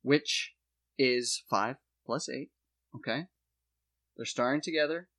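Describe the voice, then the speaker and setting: A man hosting a comedy podcast, laying out a mock conspiracy theory in a deadpan voice with dramatic emphasis. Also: mid-range voice, slow pace.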